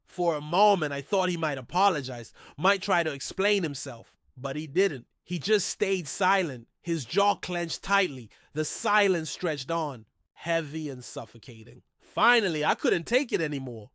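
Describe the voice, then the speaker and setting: A man telling an emotional first-person drama, his delivery tense and dramatic. His voice is somewhat high for a man, and the recording is dry with no room sound. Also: fairly bright tone, no echo. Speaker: narrator. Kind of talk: first-person story narration.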